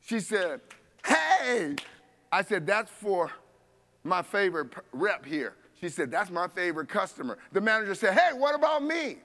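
A man preaching a sermon, telling a story with animated voices for each person and laughing along. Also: high voice, moderate pace.

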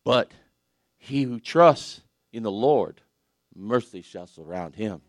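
An older man preaching a sermon, animated and exclaiming with laughter and praise. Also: lowish voice, takes it slowly, no room sound.

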